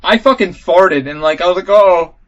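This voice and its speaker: A fairly high-voiced man hosting a podcast, chatting casually and excitably and swearing freely. He breaks into yelps as he acts out scenes. The audio is dull and lo-fi. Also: fairly quick. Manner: excitable, swears a lot, acts out game moments in loud yelps. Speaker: podcast host. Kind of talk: casual chat.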